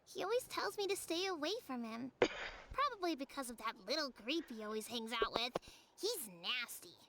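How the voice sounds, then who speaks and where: A very high, eager young village girl. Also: sing-song, normal speed, slight background noise, full character voice. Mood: chatty. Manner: eager, chatty, pleading. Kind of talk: video game voice acting. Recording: loud game soundtrack behind.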